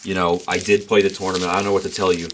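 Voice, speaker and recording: A man's voice: low-pitched, level tone, background noise, voice pushed down, lightly acted. A man voicing a polite woman poker player who answers patiently. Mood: apologetic. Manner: polite, apologetic, measured.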